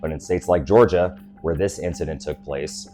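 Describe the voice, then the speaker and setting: A man, a former deputy sheriff, giving measured, explanatory scripted commentary on police footage. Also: extremely low pitch, warm tone. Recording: voice-over with music behind.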